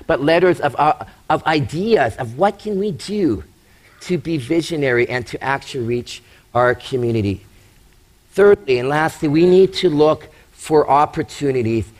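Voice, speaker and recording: A male pastor preaching a sermon with emphatic rhetorical questions, acting out doubting voices. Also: high voice.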